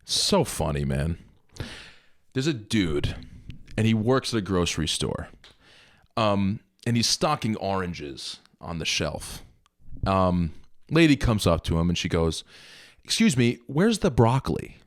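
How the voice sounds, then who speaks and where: Casual podcast co-host, male, lively pitch, animated storyteller. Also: takes it slowly. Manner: animated storyteller, swears freely. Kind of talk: casual chat.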